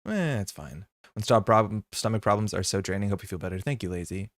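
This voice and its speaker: Chatty low-voiced man on a live stream. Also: animated, dry recording, clean studio sound. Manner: chatty and rambling, with many fillers and quick jumps in pitch when greeting chat. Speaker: streamer hosting a card game live stream. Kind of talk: casual live-stream chat, greeting viewers.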